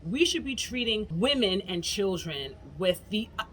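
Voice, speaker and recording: A woman's voice: mid-range voice, expressive, measured pace, slight background noise. An American woman vlogger tells a story straight to camera in a casual, emphatic way, often calling out to her viewers as "y'all". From United States. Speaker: travel vlogger.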